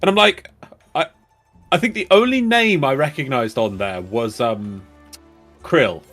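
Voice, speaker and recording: A man chatting casually with friends over a game, rambling through stories with animated bursts of mock confusion. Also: mid-range voice, measured pace, soft background music.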